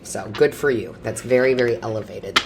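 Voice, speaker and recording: A woman's voice: rumbling low, a little fast, gravelly, very noisy. A woman giving an intuitive tarot reading in a chatty, reassuring way, repeating phrases for emphasis and often restarting mid-sentence. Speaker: tarot reader.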